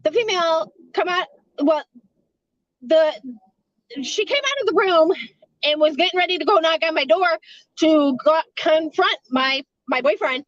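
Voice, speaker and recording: Woman, high voice, casual rambling storytelling, swears a lot, dull dry recording. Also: measured pace, pauses often, a bit bright, no room sound. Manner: rambling, swears freely, laughs between lines. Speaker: hotel front desk clerk.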